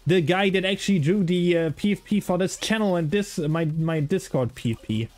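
A man's voice: sits high, a little fast, darkish tone. Playful German-accented male streamer. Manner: playful, rambling, jokey banter with chat. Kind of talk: casual gaming livestream chat.

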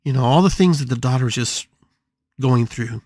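A man's voice: medium pitch, normal speed, a little mellow, dry recording, clean studio sound. A man hosting a spiritual podcast, telling a story with emphatic, dramatic repetition. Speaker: podcast host.

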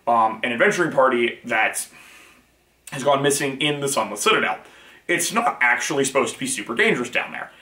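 A man's voice: mid-range voice, pushed and bright. A man hosting his own channel, talking through a casual monologue in a rambling, frank way that keeps correcting itself. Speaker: channel host. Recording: echoey room.

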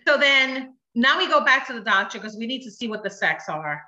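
Brisk and on the high side, her bright, forceful voice carries an animated testimony as she, a guest in her thirties, recounts an emotional personal story. She performs every bit of dialogue in quoted voices, and the audio is dull and roomy with clear echo.

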